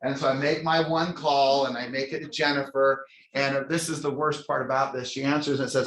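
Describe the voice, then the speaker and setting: A man's voice: mid-range voice, flat delivery, a little fast, few pauses, a bit bright. A man who is a company CEO, telling a funny, self-mocking story from a stage to a live audience, chatty and full of restarts. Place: stage in a large room. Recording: echoey room sound.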